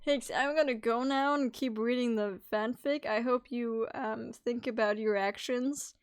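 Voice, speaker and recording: A woman's voice: fairly high pitch, fairly even intonation, a little slow, clean tone. A young woman live-streaming in casual chat, teasing her friends playfully and swearing freely.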